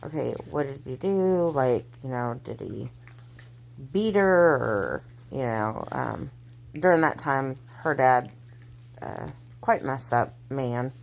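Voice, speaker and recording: A woman telling a personal story in a casual, halting way, with many pauses and restarts. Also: a bass voice, animated, vocal fry, muffled recording. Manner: halting, hesitant, soft-spoken delivery. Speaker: mother telling her family's story.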